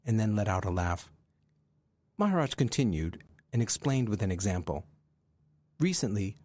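Husky-voiced man telling a story. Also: on the low side, darkish tone, no echo. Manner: earnest, reflective. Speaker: podcast host. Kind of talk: storytelling monologue.

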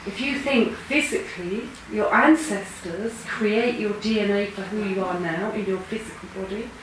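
A woman's voice: medium pitch, normal speed, fairly bright tone. Woman in a very echoey room. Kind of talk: casual explanatory talk. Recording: very echoey room, speaker far from mic, noisy.

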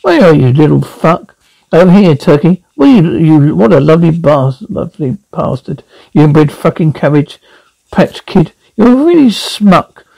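A man's voice: fairly high pitch, big pitch swings, measured pace, vocal fry, warm tone, breathy edge, no echo, exaggerated voice, low-quality recording. A man voicing a vicious, foul-mouthed male ventriloquist dummy that snarls crude heckling in a radio drama. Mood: snarling.

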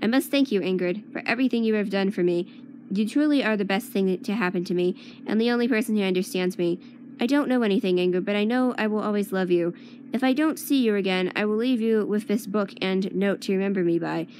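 A woman reading the farewell letter of a troubled young man, quiet and confessional. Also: mid-range voice, fast talker, slight background noise, lightly acted. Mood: somber.

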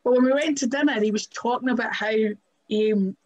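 A woman with a Scottish accent telling stories as a wrestler guest on a podcast, chatty and animated, often laughing and saying "like" and "right?". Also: fairly high pitch, brisk. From Scotland. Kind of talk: casual storytelling interview. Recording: muffled lo-fi audio.

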